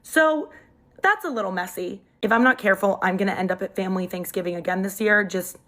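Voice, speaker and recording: A woman's voice: medium pitch, brisk, fairly bright tone. A young woman telling a dramatic personal story in a chatty, casual storytime style, leaning hard on emphasis.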